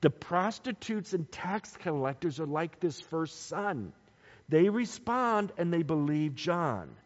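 Male preacher, expressive delivery that jumps between loud stresses and soft asides, lively pitch, muffled recording in a big reverberant hall. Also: slow. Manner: animated, swings from loud emphasis to quiet low asides. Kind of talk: bible teaching sermon. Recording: dull sound with long hall reverb.

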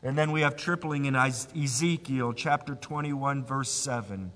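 A man preaching a sermon, emphatic, rising to loud cries and sinking to a low hush. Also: moderate pace, long reverb tail.

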